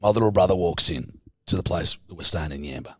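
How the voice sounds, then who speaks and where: A man's voice: sits low, a little fast, breathy edge, no echo, studio quality. A man with an Australian accent, co-hosting a podcast, telling sweary stories in casual banter. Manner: sweary, animated storyteller, acts out quoted voices. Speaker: podcast co-host.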